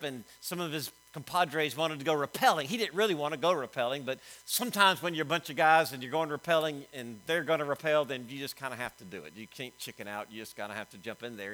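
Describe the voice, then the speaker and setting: High, bright-voiced preaching man. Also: poor audio. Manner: swings between loud emphatic preaching and quiet storytelling. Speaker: pastor. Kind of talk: sermon.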